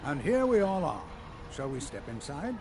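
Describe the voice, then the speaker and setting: An actor voicing an elderly, scholarly male wizard teacher in a video game, speaking gently and courteously. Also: fairly high pitch, big pitch swings, moderate pace, a little hiss or hum. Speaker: game character.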